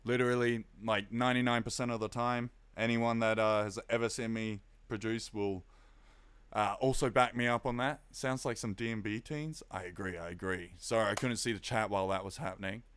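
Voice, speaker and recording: A young Australian man, a bit tired, casually explaining synth sounds on a live stream, chatty and quick to laugh. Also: fairly low pitch, clear, resonant tone, no echo. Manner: relaxed, chatty, reads chat aloud, laughs often. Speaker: music producer streaming.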